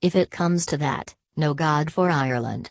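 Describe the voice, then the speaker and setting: A woman's voice: deep voice, moderate pace, gravelly, no echo, studio quality. A woman reading the part of an angry middle-aged man who fires accusing questions in a storybook.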